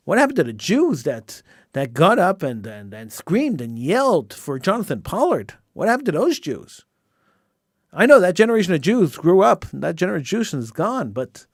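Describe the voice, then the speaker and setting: A man's voice: sits high, no room sound, studio quality. A middle-aged man hosting a call-in radio show, delivering an impassioned, indignant monologue with lots of repetition. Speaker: radio talk show host.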